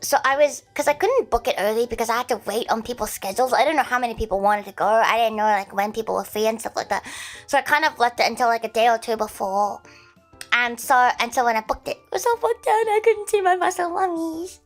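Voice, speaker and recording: A woman's voice: a little high, fast, soft background music. An Australian woman chatting casually on a livestream, playful and prone to shrieking, giggly laughs.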